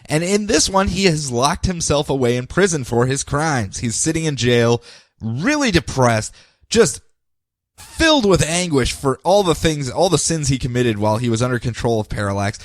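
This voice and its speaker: Man, podcast host, lively storyteller, goofy voices, dry close mic. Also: mid-range voice, moderate pace, dry recording. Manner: animated storyteller, jumps into goofy character voices. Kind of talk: casual comic book recap chat.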